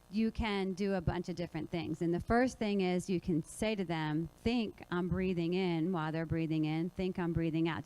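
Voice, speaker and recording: A woman's voice: on the low side, poor audio. Woman presenting a yoga workshop. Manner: lively, asks the audience questions. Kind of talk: conference workshop talk.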